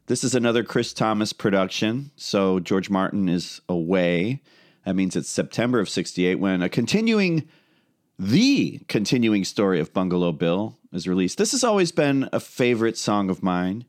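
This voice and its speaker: A man co-hosting a podcast in casual chat, speaking thoughtfully and in a relaxed way, often hedging as he thinks aloud. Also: fairly low pitch, normal speed. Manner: thoughtful, relaxed, musing with hedges and fillers. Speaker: podcast co-host.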